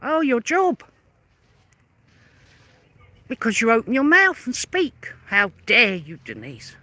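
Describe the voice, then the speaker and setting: Sharp, combative woman ranting. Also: on the high side, huge pitch swings, slow pace, dry recording. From London. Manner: confrontational, sarcastic, repeats pointed questions. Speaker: vlogger. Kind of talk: angry rebuttal rant to camera.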